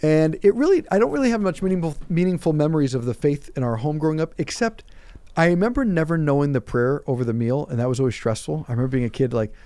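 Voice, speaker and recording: Fast-talking man with a dark voice. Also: on the high side, no echo. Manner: animated, self-deprecating, acts out quotes. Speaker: priest, podcast guest. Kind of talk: casual storytelling conversation.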